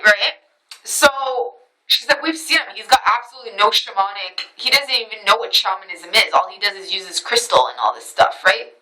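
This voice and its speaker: A woman's voice: on the high side, lively intonation, moderate pace, bright, forceful tone, low-quality recording. A woman vlogger telling a story in a casual monologue, emphatic and full of retold dialogue. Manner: emphatic, retells conversations with quoted dialogue.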